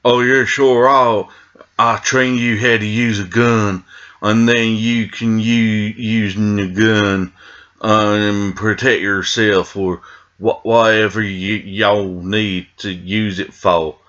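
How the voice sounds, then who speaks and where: A man putting on a slow Southern drawl. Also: on the low side, flat delivery, fairly bright tone, dull audio. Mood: obliging. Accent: put-on Southern US (Georgia).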